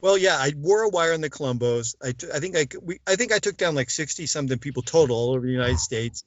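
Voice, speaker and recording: A man's voice: on the high side, expressive, fast, no echo. A man in a casual interview, telling his story at length and acting out the voices of the people in it. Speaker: interview guest, former mobster turned informant. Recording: dull, dry lo-fi sound.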